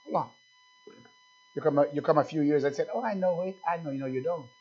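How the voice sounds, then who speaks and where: A man's voice: fairly high pitch, fast talker, a little mellow, slightly rough. A man preaching a sermon, emphatic and repetitive, calling out to his congregation with questions. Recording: dull lo-fi recording.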